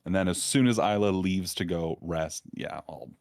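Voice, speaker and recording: A man's voice: low voice, creaky, a little mellow, dry recording, clean studio sound. A man playing a tabletop game over voice chat, rambling with ums as he describes his character's actions. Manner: rambling, quick asides, ums. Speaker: player.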